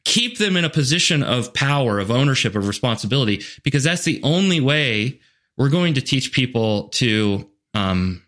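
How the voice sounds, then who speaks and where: A man's voice: medium pitch, sing-song, normal speed, a bit bright. A man speaking as a guest on a podcast interview. He is a leadership coach and talks earnestly and animatedly, with frequent "like" fillers and restarts.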